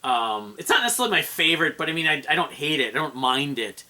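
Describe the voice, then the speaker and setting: A man talks his way through an album review in a loose, rambling manner. He uses lots of fillers and restarts. His voice sits a bit high and sounds very bright. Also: very animated, quick pace. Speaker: music reviewer.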